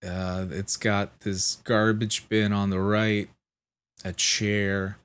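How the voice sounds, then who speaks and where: A man with a lowish voice tells a long story at an unhurried, drawn-out pace. He sounds sleep-deprived, swears freely and keeps restarting his sentences in casual vlog chat. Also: flat delivery, fairly bright tone, clear, resonant tone. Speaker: vlogger.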